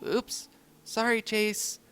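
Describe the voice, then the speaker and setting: A man voicing a clumsy, gentle young male pup who speaks softly and apologetically. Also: high voice, little pitch movement, slow pace, clear, resonant tone, voice pushed up. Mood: bright. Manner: soft, apologetic.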